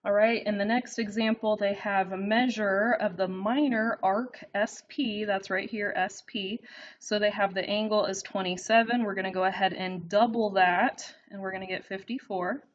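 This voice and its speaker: A woman's voice: medium pitch, steady tone, moderate pace, slight background noise. A woman teaching a math lesson from her notes, checking in with frequent "okay?"s as she writes and explains. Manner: talks while writing, frequent "okay?" check-ins. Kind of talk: classroom video lesson, working through notes. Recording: slightly dull, lo-fi recording.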